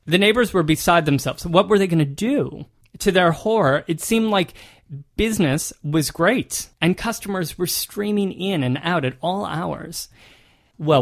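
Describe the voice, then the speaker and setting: Higher-voiced man telling a history tale. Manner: narrates a ghost tale, reads newspaper quotes aloud. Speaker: podcast co-host. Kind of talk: conversational history storytelling.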